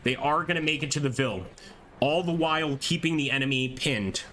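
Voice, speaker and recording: Male streamer from the US, bright tone, chatty live game commentary, faint noise behind. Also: a little high, a little fast. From American. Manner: excited, chatty, laughs often, reads chat aloud. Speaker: gameplay streamer.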